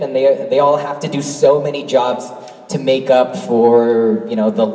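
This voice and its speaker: A man's voice: medium pitch, warm tone. A Canadian man chatting casually on a convention panel, self-deprecating and laughing easily. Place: large convention hall. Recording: roomy hall reverb from far off.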